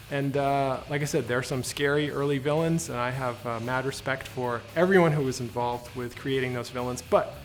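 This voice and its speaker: A man telling stories in a relaxed, playful interview, with faint guitar music behind. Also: mid-range voice. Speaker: villain actor interviewee. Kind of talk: casual interview.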